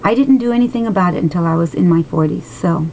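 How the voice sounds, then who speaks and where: A woman in her late forties talking slowly and emotionally in a personal vlog, encouraging her viewers. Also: lowish voice, creaky, mellow, slight background noise, low-quality recording. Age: 40s. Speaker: vlogger. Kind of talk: heartfelt personal vlog talk.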